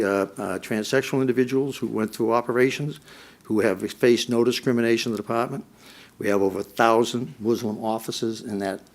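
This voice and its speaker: A middle-aged man, a former police chief, giving a prepared speech at a policy forum and repeating his points for emphasis. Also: mid-range voice.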